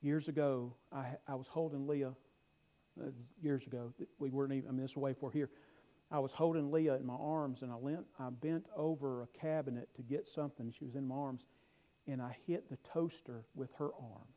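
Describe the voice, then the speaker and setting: A middle-aged man preaching a sermon, telling stories with emphatic rises and quiet asides. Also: mid-range voice, fairly even intonation, brisk, poor audio. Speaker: pastor.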